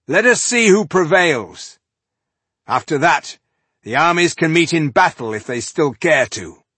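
Man doing dwarf warrior, male, proud, proclaiming, raised and ringing, husky. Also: on the high side, lively intonation, unhurried, a bit bright, no echo, voice pushed up, full character voice. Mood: defiant. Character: bold challenging male dwarf scholar warrior.

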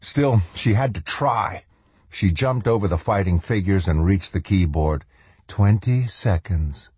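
A man with a low, husky voice narrates an audiobook in a measured, dramatic way, easing his pace when the story grows tense. His tone is dark and mellow, and the recording is close and dry. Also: no echo. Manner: measured, slows for dramatic moments and voices the characters' lines.

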